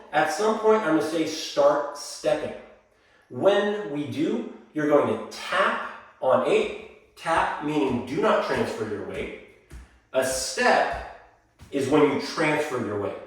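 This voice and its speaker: Male dance teacher, singsong counting, lively pitch, slow unhurried delivery, echoey studio, distant from the mic. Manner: calls counts in a singsong rhythm. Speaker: dance instructor. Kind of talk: dance lesson, counting out drills.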